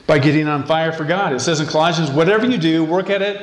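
A man preaching a sermon as pastor, passionate and animated, acting out quoted lines playfully. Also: fairly high pitch, fast talker. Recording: echoey room.

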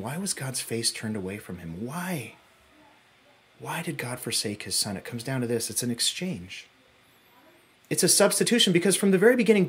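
A man preaching a sermon as pastor, earnest, his phrases dropping to a hush and then building to urgent peaks. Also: husky. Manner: earnest, swinging between hushed low phrases and rising urgent peaks.

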